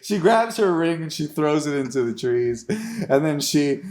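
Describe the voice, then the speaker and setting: A young man leads an improvised comedy story, drawing each word out slowly. His pitch sits a little high and bounces all over as he giggles through the tale, restarting his sentences as he goes. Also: lively intonation, a little mellow, slight background noise. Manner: laughs often, stumbles and restarts while narrating. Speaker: improv comedy podcast host.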